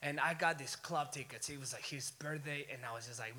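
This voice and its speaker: A male pastor preaching an energetic sermon to a college crowd, telling stories with rising excitement and bursts of shouting. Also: medium pitch, a little fast. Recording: long hall reverb.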